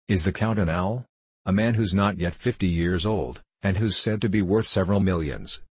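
A man reading the part of a curious new footman in an audiobook, with a deep, husky voice. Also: normal speed, a little mellow, no echo. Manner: eager, inquisitive. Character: curious young male footman, eager newcomer.

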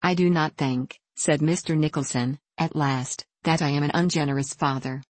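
A woman narrating a classic novel in a measured, plain reading voice, lightly voicing the dialogue. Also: deep voice, steady tone, a little mellow, no echo. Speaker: audiobook narrator.

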